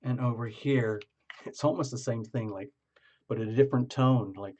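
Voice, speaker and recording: A man's voice: medium pitch, moderate pace, a little mellow, highs cut off. Rambling man giving a tarot reading. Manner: meandering, repeats words for emphasis. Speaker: tarot reader.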